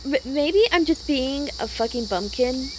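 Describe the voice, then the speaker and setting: A woman's voice: high voice, animated, a little slow, noisy background. A young woman vlogger venting in a casual, rambling monologue, upset and swearing freely.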